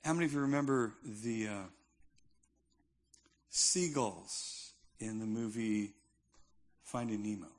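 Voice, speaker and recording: A man's voice: lowish voice, takes it slowly, long pauses. A male pastor preaching a sermon in a conversational, emphatic style with touches of humor.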